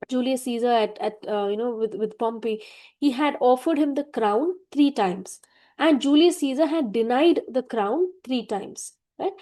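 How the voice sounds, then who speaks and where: Mellow-voiced woman teaching a literature lecture. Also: a little high. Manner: explains with frequent "right?" check-ins and reads quotes aloud. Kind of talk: classroom lecture.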